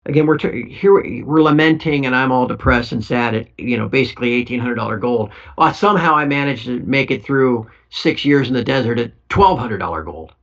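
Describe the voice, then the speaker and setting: A man's voice: medium pitch, brisk, hardly any pauses, a bit bright. A middle-aged man hosting a casual podcast chat on precious metals, wry and self-deprecating with gloomy humor. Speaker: precious metals site host. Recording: dull lo-fi audio.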